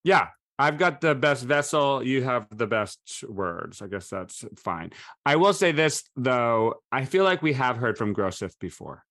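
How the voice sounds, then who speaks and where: A man's voice: mid-range voice, sing-song, unhurried, dry recording. Sardonic male podcast co-host, profane and casual, mid-range voice, dry close mic. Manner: profane, sardonic, trails off softly. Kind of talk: casual comedic podcast chat.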